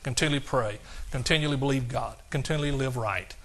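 Bright-voiced preacher man. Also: medium pitch, slightly rough. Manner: exuberant, shouts praise, quotes scripture in slow emphatic reading. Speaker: pastor. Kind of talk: sermon.

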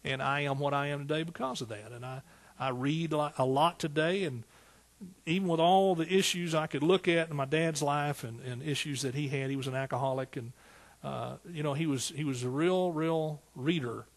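A man with an East Texas accent preaching a sermon in a folksy, animated way, full of rhetorical questions. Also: fairly high pitch, normal speed. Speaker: pastor.

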